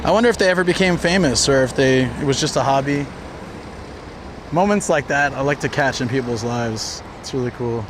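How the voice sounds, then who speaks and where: A man's voice: medium pitch, brisk. A man livestreaming while walking outdoors, telling stories in a rambling way with lots of fillers. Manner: rambling storytelling with frequent fillers. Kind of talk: casual walking livestream chat. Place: outdoors on city streets. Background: traffic and city ambience.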